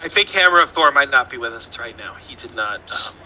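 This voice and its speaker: A man's voice: mid-range voice, animated, brisk, pushed and bright, a little hiss or hum, rough recording. A man hosting an online trivia quiz over voice chat, playful and rambling, laughing at his own jokes.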